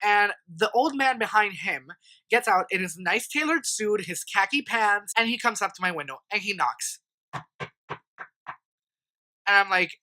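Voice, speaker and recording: Bright-voiced young man telling a story. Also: high-pitched, a little slow. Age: 20s. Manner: profane, animated storytelling with mocking voices. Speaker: vlogger. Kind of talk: story time vlog.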